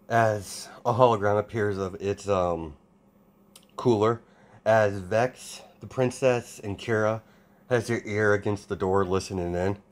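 A man improvising fan-fiction narration in a casual, halting way, with many restarts and fillers. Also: lowish voice. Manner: hesitant, full of restarts and fillers. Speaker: storyteller.

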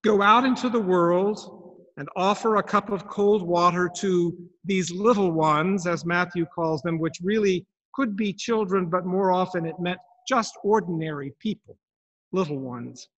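Male preacher, unhurried, reflective questioning delivery; long reverb from the church. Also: sits high, fairly bright tone, lo-fi sound. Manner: reflective, asks many questions. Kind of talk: sermon.

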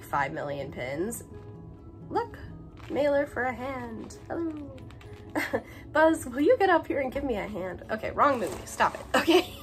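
A woman's voice: mid-range voice, a bit bright. A woman in her twenties chatting casually as she unboxes gifts, bubbly and gushing, a little sick with a cough. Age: 20s. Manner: bubbly, gushing, breaks into brief song bits. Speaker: YouTuber unboxing a swap package.

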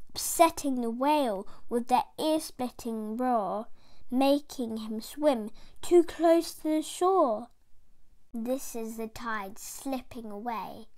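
A woman reading a rhyming bedtime story aloud, with a lilting, rhythmic delivery. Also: on the high side. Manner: rhythmic rhyming read-aloud, lively character voices.

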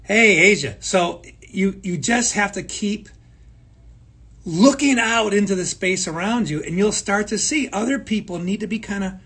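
A man's voice: high-pitched, measured pace, slightly rough. A man co-hosting a show, giving emphatic motivational talk and repeating his points. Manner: emphatic, repeats phrases, acts out quoted people. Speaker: co-host. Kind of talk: motivational chat.

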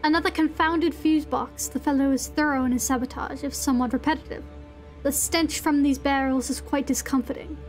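A woman voicing a grandiose Victorian gentleman in a put-on English accent, reading his journal theatrically. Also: sits high, steady tone, fairly quick, faint music behind, lightly acted. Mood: pompous.

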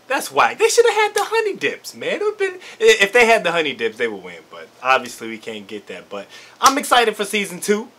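A man doing an excited, casual reaction commentary to an anime episode, hyped and slangy, laughing often. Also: on the high side.

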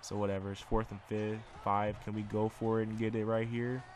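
Calling his football video game like a sportscaster, an excitable gamer talks fairly quickly in a low-leaning voice. The casual play-by-play has a little hiss or hum in the background.

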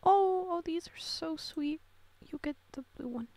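A woman's voice: very high-pitched, measured pace, darkish tone, no echo. A young woman giving casual, gushing commentary while playing a computer game, cooing over tiny characters. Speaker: gaming creator.

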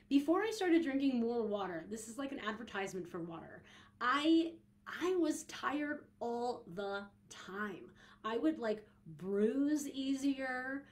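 A woman's voice: on the high side, animated, a little slow. A young woman hosting a podcast, talking casually and chattily with frequent giggles, fillers and restarts. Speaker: podcast host and coach.

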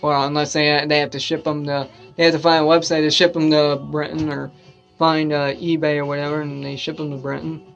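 A man talks through a football game as it plays, rambling and getting excited at big plays. His voice has a gravelly edge, and the lo-fi recording sounds muffled, with faint music underneath. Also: on the high side, brisk. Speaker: fan reacting to a game. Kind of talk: live game reaction commentary. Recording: muffled lo-fi audio with music behind.

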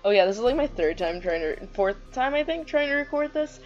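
A woman's voice: fairly high pitch, expressive, fairly quick, darkish tone. A young woman giving offhand, casual commentary while playing a video game and reading its text aloud. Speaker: let's play gamer. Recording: slightly muffled with faint game music.

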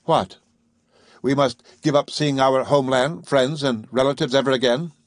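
A man's voice: medium pitch, fairly even intonation, normal speed, no echo, clean studio sound, lightly acted. A man voicing an earnest male professor held captive aboard a ship, speaking politely and formally in an audiobook reading.

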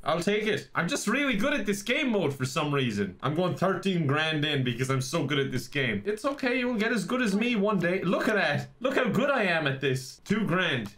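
A young man hosting a gaming video, giving playful let's-play commentary with a joking, teasing manner and quick apologies. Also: high voice, very animated, fairly bright tone.

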